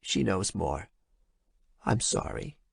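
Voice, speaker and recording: A trembling, hushed mother on a phone call in a horror audiobook, voiced by a male narrator. She speaks in halting, softened phrases, pitched well above his own voice, and the recording is close and dry. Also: very animated, vocal fry, no echo, full character voice. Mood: shaken. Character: soft-spoken grieving older mother on a phone call.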